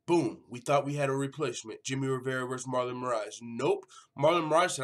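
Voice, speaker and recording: Speaking quickly with few pauses, the MMA news channel host has a medium-pitched, slightly bright voice. He delivers his vlog commentary casually, cursing freely and performing the quotes he cites.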